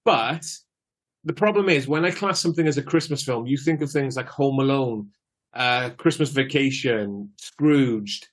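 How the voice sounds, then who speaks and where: A man co-hosting a podcast talks in a mid-pitched, ordinary voice. He is blunt and sweary in casual chat and laughs easily along with his partner. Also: moderate pace. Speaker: podcast co-host.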